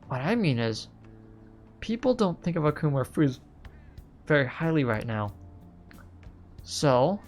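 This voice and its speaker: A man's voice: mid-range voice, close to an everyday voice. A man doing a polite young heiress, English accent. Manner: polite, soft-spoken and sincere. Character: gentle, earnest young woman heiress. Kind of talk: reading game dialogue aloud.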